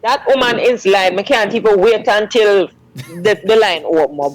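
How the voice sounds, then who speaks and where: A man with a Jamaican accent calling into a talk show, speaking excitedly in patois with laughter. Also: high voice, moderate pace, poor audio. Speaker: caller. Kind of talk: call-in comment.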